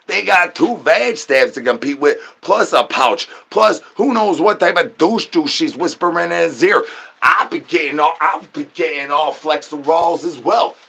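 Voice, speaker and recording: A man's voice: a little high, expressive, normal speed, creaky, bright, forceful tone, husky. A man hosting a livestream, rambling to his chat in absurd slangy patter full of repeated catchphrases. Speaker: livestream host.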